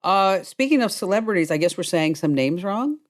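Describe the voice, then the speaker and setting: A woman's voice: mid-range voice, animated, fairly quick. A woman hosting a talk show, chatting casually and asking playful, teasing questions. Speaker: show host. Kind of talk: casual chat.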